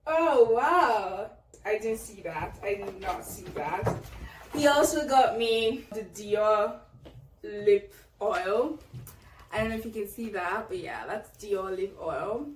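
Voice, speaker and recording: A woman's voice: on the high side, takes it slowly. A young woman vlogger unboxing birthday gifts in casual chat, gushing and exclaiming often. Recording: roomy echo, distant mic, faint noise.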